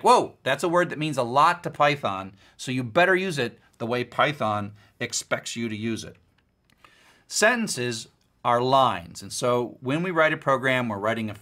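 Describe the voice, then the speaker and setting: A middle-aged man teaching a recorded course lecture, his voice bright and forward. He explains in a relaxed, conversational manner and leans on playful everyday examples to make a point. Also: medium pitch. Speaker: university lecturer.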